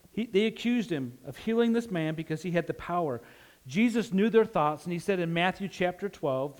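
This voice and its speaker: Male preacher from Utah, light Western drawl, higher-pitched, relaxed conversational sermon delivery. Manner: conversational, asks "right?" often, laughs easily.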